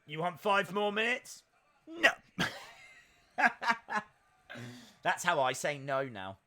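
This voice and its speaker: Guy doing wrestling watch-along commentary, slow easy talk but yells at big spots, kinda high voice. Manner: excitable, jokey, bursts into shouts. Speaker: live stream host.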